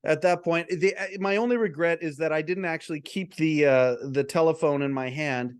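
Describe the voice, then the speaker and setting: Man, podcast host, fairly high-pitched, chatty storytelling to camera, repeats himself. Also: normal speed, clear, resonant tone. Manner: chatty, repeats words and restarts often.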